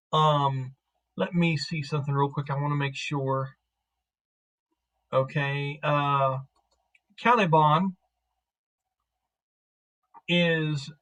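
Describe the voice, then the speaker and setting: Male game master, casual and rambling, voice on the high side. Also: a bit bright, muffled recording. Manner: casual, rambling with many fillers. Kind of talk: narrating a tabletop game.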